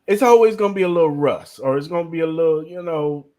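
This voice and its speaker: A man's voice: a little high, fast talker, a little mellow. A young man co-hosting a podcast, giving blunt, slangy opinions in casual chat. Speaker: podcast co-host.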